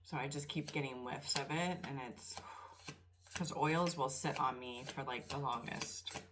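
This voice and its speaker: A middle-aged woman giving a casual tarot reading, emotional and close to tears, talking in a soft, rambling way. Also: a bass voice, unhurried, background noise. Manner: emotional, tearful and soft-spoken. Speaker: tarot reader.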